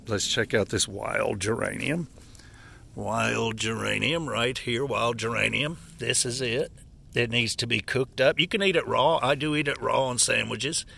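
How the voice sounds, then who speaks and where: Gravelly man, out of breath. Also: medium pitch, pushed and bright. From Appalachia, United States. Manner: folksy, rambling, corrects himself. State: out of breath, stuffy nose. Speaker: forager showing wild edibles. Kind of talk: casual walking vlog. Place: outdoors in a yard.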